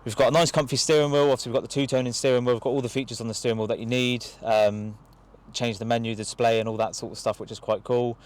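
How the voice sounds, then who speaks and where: A young man with an excitable, rushing manner and casual slang, filming a car review vlog from inside a car. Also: mid-range voice. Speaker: car vlogger. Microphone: camera held by someone else.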